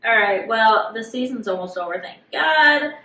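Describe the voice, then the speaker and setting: A woman's voice: a little high, expressive, moderate pace, roomy sound, far from the mic, very noisy. A woman co-hosting a casual chat podcast who recaps events in a chatty way and draws words out for emphasis. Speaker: podcast co-host.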